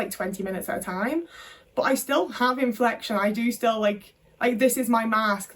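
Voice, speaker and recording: A woman's voice: medium pitch, recorded from a distance. Candid swearing woman vlogger. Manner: candid, swears freely, frustrated. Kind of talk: casual talking-to-camera monologue.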